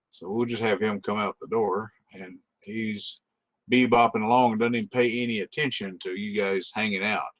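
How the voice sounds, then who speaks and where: A man's voice: on the low side, no echo. A man narrating as the game master of a tabletop role-playing game, describing scenes in an easygoing way.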